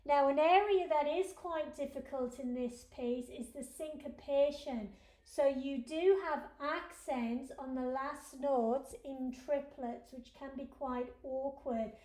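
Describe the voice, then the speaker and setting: Speaking slowly in a high voice with a somewhat dark tone, a woman piano teacher instructs her students, explaining every step with patience. The lesson takes place in a room with a piano, captured with a roomy echo and a faint piano in the background.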